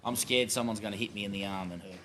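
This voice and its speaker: A man's voice: on the low side, fairly even intonation, very fast, fairly bright tone, a little hiss or hum. An Australian man hosting a casual club show and coaching a junior footy team, laid-back and matey as he jokes with kids.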